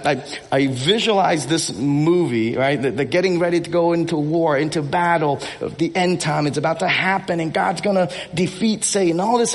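A man preaching a sermon from the pulpit, animated and joking with his congregation. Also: on the high side, big-room sound. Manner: animated, energetic, acts out movie speeches with rising intensity; jokes with the congregation and repeats himself. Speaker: pastor. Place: church hall.

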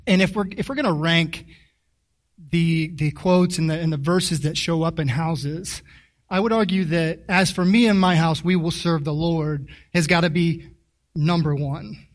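Recorded from a distance, a man with a fairly high voice preaches a sermon in a chatty, conversational manner. His speech is halting, with many repeated words, and he often asks the congregation questions.

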